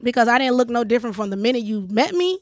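A woman hosting a podcast casually tells a personal story in a lively way, acting out the lines others said. Her voice is on the high side and she talks fast, recorded with studio quality and no echo.

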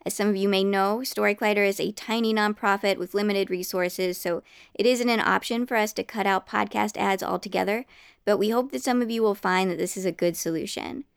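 Brief: woman podcast host, smooth yet gravelly voice, friendly scripted read to listeners. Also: medium pitch, steady tone, fairly quick, no echo, clean studio sound. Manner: friendly, earnest appeal to listeners. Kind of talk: scripted announcement.

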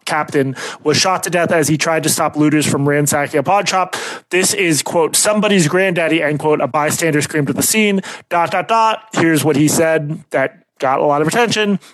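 A man with a Boston accent chats on a podcast in a slightly high voice, wry and quick to laugh at himself. The sound is dry and close, with no room around it. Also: fairly bright tone, no echo. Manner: wry, self-deprecating, laughs often while reading. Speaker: podcast co-host. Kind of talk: casual podcast banter.

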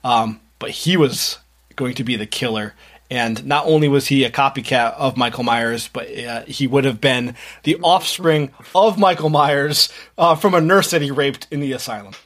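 A man's voice: medium pitch, moderate pace, fairly bright tone. A man co-hosting a horror podcast in casual chat, opinionated, explaining movie trivia and lore and swearing for emphasis. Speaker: podcast co-host.

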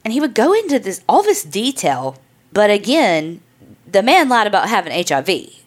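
A woman's voice: mid-range voice, very animated, moderate pace. A woman hosting a podcast, telling a true crime story in a casual, chatty way, loose and profane with lots of "like" and "I mean". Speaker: podcast host.

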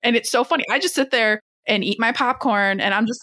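A woman's voice: on the high side, lively intonation, brisk, few pauses, pushed and bright, dry recording, clean studio sound. A young adult woman hosting a casual interview, talking in a chatty, filler-heavy way and quoting people with lots of animation. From Metro Detroit area.

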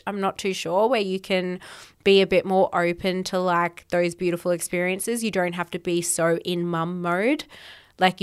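A young woman hosting a podcast, talking casually in a chatty monologue full of 'like' fillers and the odd swear word. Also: medium pitch. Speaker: podcast host.

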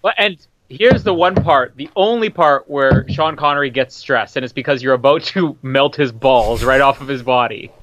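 A man's voice: mid-range voice, fairly bright tone, dull audio, slight background noise. An Australian man co-hosting a film commentary podcast, playful and casual, fond of quoting lines. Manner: playful, quick to quote lines and laugh. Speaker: podcast co-host.

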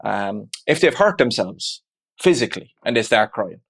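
A man's voice: on the low side, very animated, normal speed, creaky. Man, father, interview guest, candid, reflective, conversational. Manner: reflective, open, frequent "you know" asides. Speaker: father of two.

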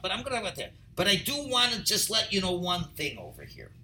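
Torah teacher, high ringing voice, bright, translates line by line, punches key points loudly. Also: male voice, wildly swooping pitch, quick pace, slight background noise, poor audio. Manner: reads Hebrew phrases then translates, rising to near-shouting emphasis. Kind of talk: text study class, reading and translating.

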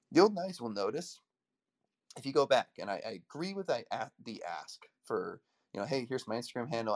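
A man coaching an audience in a motivational talk, telling stories energetically and acting out the dialogue. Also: lowish voice. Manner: energetic storytelling, acts out quoted dialogue.

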